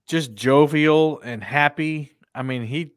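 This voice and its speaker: A man's voice: a little high, slow, dry recording, clean studio sound. A man co-hosting a casual podcast chat, talking with enthusiasm and rhetorical questions. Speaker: podcast co-host.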